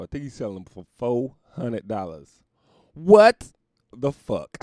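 Profane, animated man with a gravelly voice. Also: low voice, no room sound, clean studio sound. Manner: profane, animated, laughs often. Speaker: podcast host. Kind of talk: casual comedic monologue.

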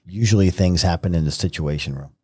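A middle-aged man from New York, guesting on a podcast, spins his stories in a deep, husky voice. He acts out the quotes as he goes, which keeps the telling lively. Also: fast talker. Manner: vivid, animated retelling with acted-out quotes. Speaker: guest, retired Marine helicopter pilot. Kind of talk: conversational storytelling.

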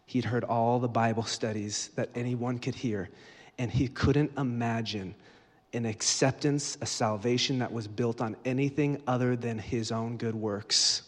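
A man's voice: mid-range voice, fairly even intonation, measured pace. Man preaching in a reverberant hall. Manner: storytelling, acting out dialogue with rising energy. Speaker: guest preacher. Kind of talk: sermon.

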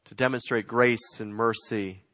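A man preaching a sermon, swinging between loud emphatic lines and quiet, slowed phrases. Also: mid-range voice, steady tone, dry recording. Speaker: pastor.

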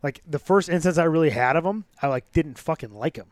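A man hosting a podcast, talking quickly in a loose, rambling way and swearing often. His voice sits a little high for a man. The sound is dry and close, with no room echo. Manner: profane, rambling. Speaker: podcast host. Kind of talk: casual podcast chat.

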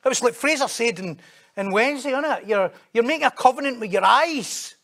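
A man delivering a sermon with a notably high-pitched voice for a man. He talks in a lively, conversational way and often jumps into loud, raised bursts of emphasis. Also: a little fast. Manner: animated, acts out quoted voices, sudden loud high bursts. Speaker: preacher.

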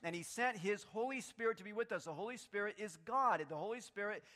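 Brief: high, bright-voiced male pastor, animated sermon with loud peaks and quiet stretches, talks back and forth with the room. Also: fairly quick. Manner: animated, swinging between loud emphatic lines and quiet low ones; talks with the congregation, takes answers from the room.

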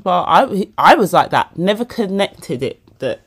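A woman's voice: mid-range voice, very animated, normal speed, gravelly, breathy edge. A woman, hosting a podcast and talking casually and emotionally about herself, often calling the listener babe. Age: 40s. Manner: chatty, emotional, self-mocking, calls listener babe. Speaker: podcast host. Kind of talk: casual personal monologue. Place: bedroom at home.

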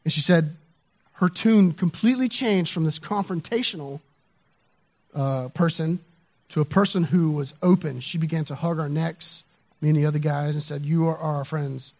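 A man with a fairly high voice preaches by telling a personal story. He talks in a loose, conversational way, with fillers and restarts. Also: normal speed, darkish tone. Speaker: pastor. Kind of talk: storytelling sermon.

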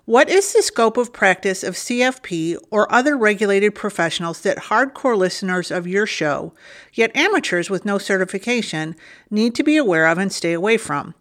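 A woman reading a listener's letter aloud on a podcast, with clear, even delivery. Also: medium pitch, normal speed. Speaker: reader of listener emails.

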